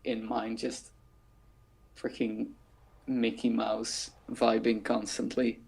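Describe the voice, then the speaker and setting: A man's voice: medium pitch, monotone, takes it slowly, gravelly, a little mellow, breathy edge. A young man co-hosting a podcast, chatting casually and joking with friends in a playful, rambling way. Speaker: podcast co-host. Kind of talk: casual chat among friends.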